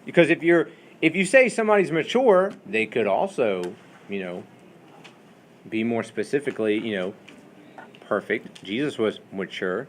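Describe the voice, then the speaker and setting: Bible teacher, man, mid-pitched, conversational lecture in a classroom with light noise. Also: big pitch swings, moderate pace. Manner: conversational, asks the class questions, many fillers.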